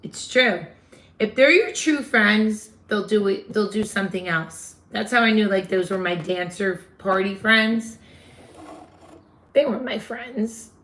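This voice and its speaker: A woman's voice: medium pitch, measured pace, fairly bright tone. A woman with a New York accent hosting a casual livestream, chatting with viewers and answering their comments. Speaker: livestream host.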